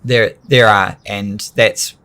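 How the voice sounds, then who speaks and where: A man co-hosting a training podcast, explaining ideas in long, animated, rambling runs with bursts of laughter. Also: fairly low pitch, slow pace, gravelly, clean tone. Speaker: podcast co-host. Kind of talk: casual coaching chat.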